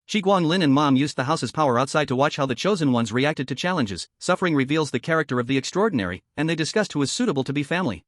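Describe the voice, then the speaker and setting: A man reading a horror story in a steady, even scripted narration. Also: fairly high pitch, quick pace, hardly any pauses, dry recording, clean studio sound.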